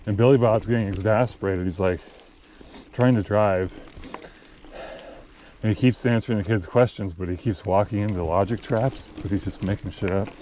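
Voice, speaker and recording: Rambling low-voiced male trail rider, loose and profane, with a helmet-cam sound. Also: normal speed, long pauses, warm tone, slight background noise. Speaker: mountain biker. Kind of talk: casual chat while riding. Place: outdoors on a forest trail.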